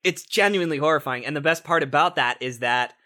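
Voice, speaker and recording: A man's voice: a little high, fast, bright, forceful tone. A young man co-hosting a podcast, talking animatedly in casual chat, swearing often and restarting his sentences. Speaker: podcast co-host.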